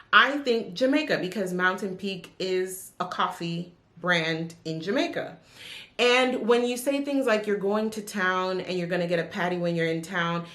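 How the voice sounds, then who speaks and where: A woman chatting casually about books she has read, sassy and animated, with big swings in her voice. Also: mid-range voice. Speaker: book vlogger. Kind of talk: casual book review chat. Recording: echoey room.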